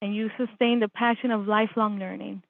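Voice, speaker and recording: A woman, a program coordinator, giving earnest, measured thanks to a colleague on a video call. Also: medium pitch, level tone, gravelly, no echo. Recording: tinny phone-like audio, dry.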